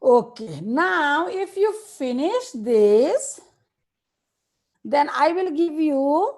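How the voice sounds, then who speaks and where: A woman with a Nepali accent teaching young children in an online class over a video call, slowly dictating words one by one and repeating them. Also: high-pitched, very animated, darkish tone. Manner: slow, repetitive dictation to students.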